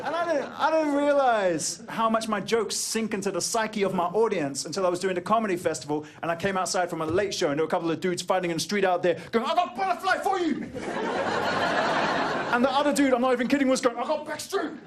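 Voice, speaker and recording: A man's voice: high-pitched, lively intonation, fast talker, hardly any pauses. A man with a New Zealand accent performing a stand-up comedy set, telling jokey stories and slipping into put-on voices. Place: comedy venue stage before a live audience. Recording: crowd laughter and background noise on a live recording. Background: audience laughter.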